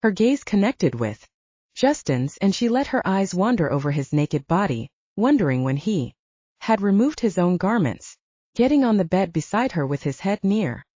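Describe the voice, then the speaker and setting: Female audiobook narrator, low and mellow, animated; dull, dry recording. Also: dry recording. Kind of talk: scripted narration.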